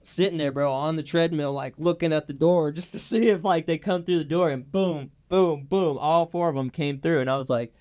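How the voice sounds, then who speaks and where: A young man tells a long story in a relaxed, slangy way, full of "like" and "bro". His voice sits a little high for a man and sounds smooth and resonant. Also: moderate pace, few pauses. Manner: laid-back slangy storytelling with many fillers. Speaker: guest. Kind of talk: casual storytelling interview.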